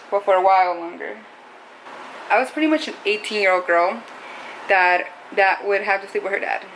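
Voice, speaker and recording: A woman's voice: medium pitch, fairly bright tone, a little hiss or hum, low-quality recording. A young adult woman talking to camera in a casual, confessional vlog, rambling and saying "like" a lot. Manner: rambling, heavy use of "like". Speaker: vlogger.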